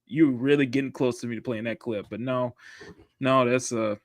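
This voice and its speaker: A man's voice: medium pitch, steady tone, normal speed, dry recording. A man hosts a casual live-stream chat in a mid-range voice, often stalling and restarting while he collects his thoughts. The sound is dry and close, with no room around it. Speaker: livestream host.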